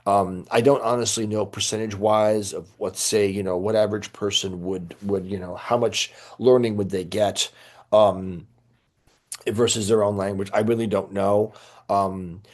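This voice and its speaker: A middle-aged priest with a lowish, steady, slightly mellow voice speaks at normal speed. He teaches church history in an informal lecture answering questions, rambling with lots of fillers and restarts.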